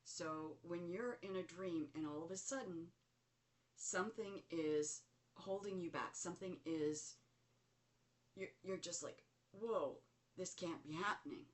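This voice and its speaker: A middle-aged woman hosting a show, slowly and reflectively telling a personal story. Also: lowish voice. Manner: slow, reflective, animated when recounting. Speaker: host. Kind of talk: casual spoken storytelling.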